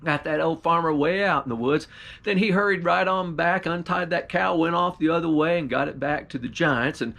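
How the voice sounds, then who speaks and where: A pastor telling a folktale in a drawling, folksy storyteller's manner, with country grammar and little voices for the characters. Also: male voice, a little high, normal speed, creaky, a bit bright.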